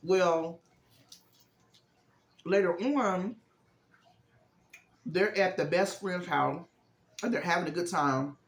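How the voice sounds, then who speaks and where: A woman's voice: lowish voice, takes it slowly, long pauses, roomy sound. A woman in a casual vlog, telling a movie plot in a chatty way, full of fillers and acted-out lines. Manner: chatty, acts out characters' lines with emphasis; frequent fillers like "um" and "this, this, and that". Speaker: vlogger recapping a movie. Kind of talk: casual storytelling recap.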